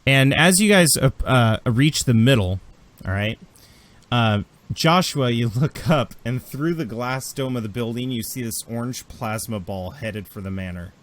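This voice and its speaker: A man narrating a tabletop role-playing game as game master, unhurried and halting. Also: mid-range voice, lively intonation.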